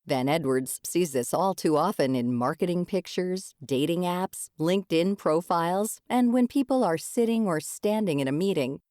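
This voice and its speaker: Low-voiced woman radio host. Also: moderate pace, hardly any pauses, warm tone, no echo, studio quality. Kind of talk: scripted radio narration.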